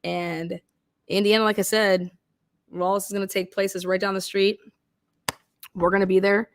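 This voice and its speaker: A woman hosting a true crime livestream, ranting casually and loudly with a lot of swearing. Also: mid-range voice, moderate pace. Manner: rowdy, swearing, animated. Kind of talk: casual profane livestream rant.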